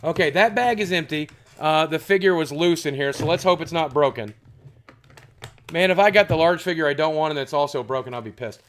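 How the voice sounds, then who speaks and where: A man's voice: fairly high pitch, a little fast. A man chatting casually and profanely with his stream chat while unboxing, cracking jokes. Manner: crude, profane, jokey.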